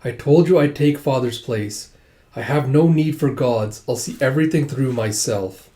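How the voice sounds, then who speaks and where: A man voicing a calm, dispassionate young prince, in a voice close to his own. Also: mid-range voice, moderate pace, natural voice. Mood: cold. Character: cool, composed nine-year-old boy prince.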